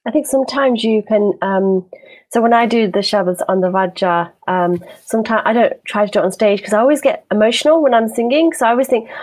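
A woman's voice: medium pitch, brisk, darkish tone. A woman in a reflective conversation, speaking thoughtfully and hesitantly with frequent fillers.

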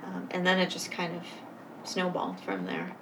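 A woman guest telling her personal story in a conversation, earnest and halting, pausing to reflect. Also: on the low side, big pitch swings, gravelly. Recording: voice a bit far from mic, faint noise.

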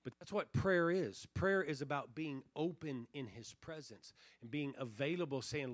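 A man preaching a revival sermon as pastor, earnest, sinking almost to a hush and then swelling on key phrases. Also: a little high, moderate pace, hardly any pauses, no room sound. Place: church revival service.

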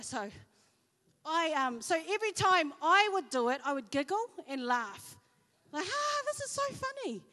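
A woman giving a chatty church sermon, telling personal stories with lots of fillers. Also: a little high. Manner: chatty, animated storytelling with fillers. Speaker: church speaker. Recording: hall reverb.

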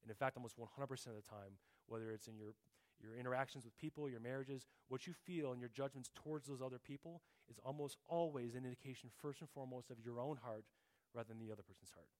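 Middle-aged man, church testimony, earnest, soft quiet delivery, repeats words at times, mid-pitched. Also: quick pace. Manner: repeats words when searching for a phrase. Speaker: church speaker giving testimony. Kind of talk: sermon testimony.

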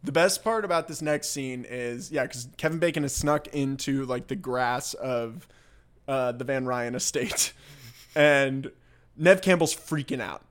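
A man co-hosting a casual movie recap podcast, laughing often and slipping into quick character impressions. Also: medium pitch. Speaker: podcast co-host.

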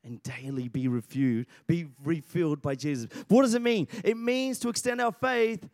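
A man's voice: fairly high pitch, moderate pace, no room sound, studio quality. A man preaching a sermon, energetically acting out voices and calling out to the congregation. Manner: lively preacher, acts out Bible voices, calls on the congregation. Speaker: pastor.

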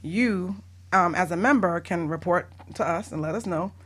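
A woman, a barter exchange broker, chatting casually on a podcast, animated and laughing often. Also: lowish voice, moderate pace, husky.

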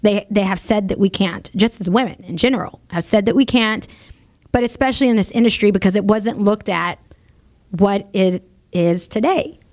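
A woman's voice: medium pitch, moderate pace, a little mellow. A woman in her forties hosting a motivational radio talk show, upbeat and chatty, laughing often. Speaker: radio show host and salon owner. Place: radio studio.

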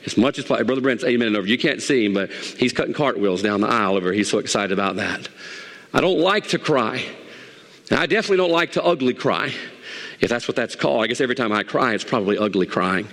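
A middle-aged man preaching a sermon as pastor, animated, swinging from loud emphatic highs to soft asides. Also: fast. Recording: long hall reverb.

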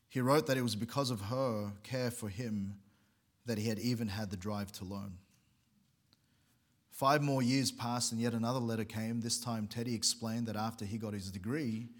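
A man, a pastor, telling a long story during a sermon, earnest and unhurried, now and then correcting himself. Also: mid-range voice. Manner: earnest storytelling with occasional restarts.

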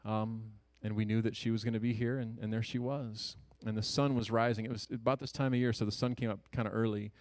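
A man in his thirties telling a personal story to an audience in an earnest, conversational way, with quick jokes and hushed asides. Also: fairly low pitch, little pitch movement, no echo. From Ohio, USA.

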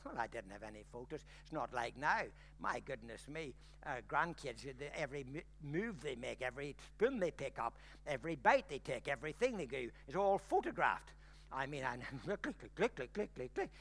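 An older man from Ireland, preaching a sermon, telling a personal story and building to loud exclamations. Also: mid-range voice, very animated, normal speed.

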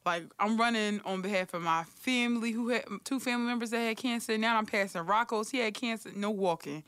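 A woman's voice: a little high, fairly quick, no echo. Laughing woman telling stories. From Philadelphia. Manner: animated storytelling, acts out quotes, swears freely, laughs often. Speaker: podcast co-host. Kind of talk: casual chat.

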